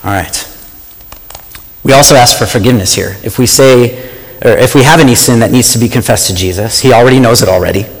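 A man preaching a sermon, passionate and animated, often asking his listeners questions. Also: medium pitch, a little fast, slightly rough, long reverb tail, poor audio.

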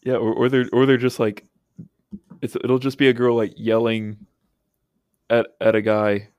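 A man's voice: mid-range voice, little pitch movement, measured pace, darkish tone, clear, resonant tone, no room sound, lo-fi sound. A man chatting casually on a podcast, often repeating words as he starts a sentence. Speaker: podcast guest. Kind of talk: casual chat.

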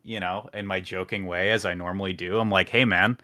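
Podcast guest guy telling a funny story, lowish voice but really bright and sharp. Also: fairly quick. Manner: jokey, animated storyteller. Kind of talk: casual storytelling.

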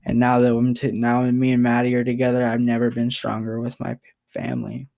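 A man's voice: mid-range voice, fairly quick, vocal fry, mellow. A young man talking straight to the camera in a personal vlog message. He rambles and halts, repeats himself, and sounds close to tears. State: emotional, near tears.

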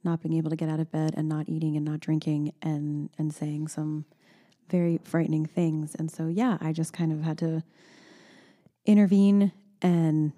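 A woman's voice: deep voice, flat delivery, normal speed, mellow. A woman speaking earnestly and supportively in a candid personal conversation, with frequent restarts. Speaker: co-host.

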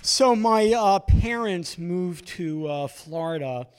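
A comedian from Brooklyn, New York, hosting a storytelling show, with a conversational, filler-heavy delivery. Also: male voice, sits high, expressive, slow, smooth, big-room sound. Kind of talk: live stand-up storytelling. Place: theater stage before a live audience.

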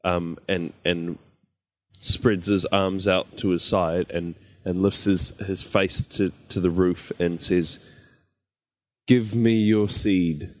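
A man's voice: low voice, flat delivery, no echo. A man playing a tabletop game, describing his character's moves in an amused way. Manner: slow, amused, laughing often. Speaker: player.

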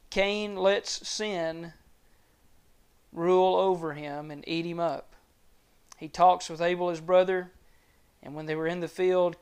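A man preaching a sermon, reading and explaining scripture in a measured, earnest way that sinks to soft low tones on grave points.

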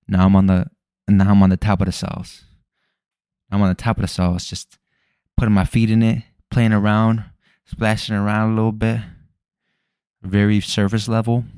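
A young man with a low, deep voice talks loosely into the mic. He rambles, swears freely and jumps between thoughts. The sound is dry and close. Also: mellow, smooth, no room sound. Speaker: podcast host. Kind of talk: casual solo podcast chat. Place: home room at night.

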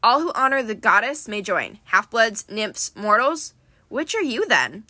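A woman's voice: on the high side, sing-song, measured pace, bright, forceful tone, dry recording, heavily acted. A woman voicing a proud young huntress who speaks formally, with old-fashioned words. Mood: stern. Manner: formal, archaic wording.

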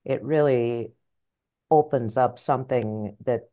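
A middle-aged woman author and life coach telling her story in an interview, animated and blunt, acting out voices in her head. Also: rumbling low, takes it slowly, muffled recording. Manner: animated, acts out inner voices, earthy phrasing.

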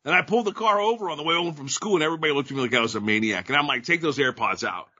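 Middle-aged male podcast co-host, bright and husky, rambling casual chat, dull lo-fi audio. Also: fairly high pitch, very fast. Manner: rambling, with many fillers.

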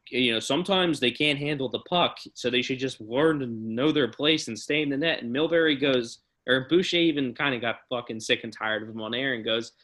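Ranting young man on a podcast. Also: medium pitch. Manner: ranting, profane, animated. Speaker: podcast host. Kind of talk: casual podcast chat.

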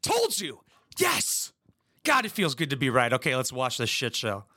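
A man's voice: mid-range voice, huge pitch swings, moderate pace, pushed and bright. A man doing crude, sarcastic reaction commentary as a comedy channel host, swearing and mocking freely. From United States. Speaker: commentary YouTuber.

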